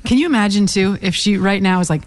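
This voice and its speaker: A woman's voice: medium pitch, fast, slight background noise. A woman in her forties co-hosting a morning radio show, playful and jokey in casual banter.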